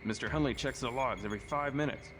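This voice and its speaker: A man's voice: mid-range voice, fast talker, a crowd in the background, close to an everyday voice. An actor playing a paranoid, resentful male office technician in a video game. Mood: bitter. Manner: resentful, fatalistic. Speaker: game character. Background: game music.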